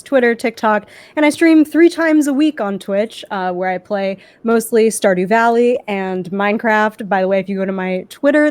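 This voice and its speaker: A woman's voice: mid-range voice, a little mellow, dry recording. A woman player on a tabletop game stream, talking casually in an upbeat, giggly way.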